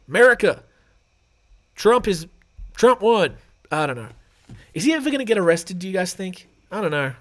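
An Australian man hosting a podcast, reading news stories aloud with sarcastic, rambling asides and casual swearing. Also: sits high. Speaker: podcast host.

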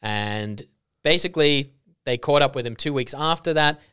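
A man telling an anecdote in a casual podcast chat, animated and swearing. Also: mid-range voice, normal speed, smooth. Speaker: podcast guest.

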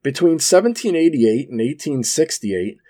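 A man's voice: mid-range voice, animated, moderate pace, mellow. A man casually reading an article aloud at his microphone. He keeps breaking off into rambling asides and uses plenty of "uh"s and restarts. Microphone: desk microphone.

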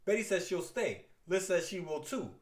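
A man retelling a classic comic book story with playful asides and quick put-on voices for the characters. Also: sits high, echoey room. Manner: lively, playful, theatrical asides.

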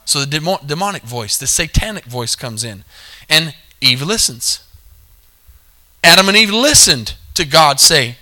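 High, very bright-voiced preacher man. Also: animated, measured pace. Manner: calls for amens, repeats points, corrects himself mid-sentence. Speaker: pastor. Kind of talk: sermon.

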